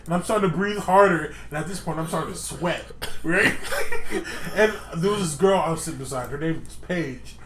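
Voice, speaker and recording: Young male co-host, high voice, chatty storyteller who giggles at himself, recorded in an echoey room. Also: a little fast, noisy background. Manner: laughs through his own stories. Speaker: podcast co-host. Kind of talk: casual chat storytelling.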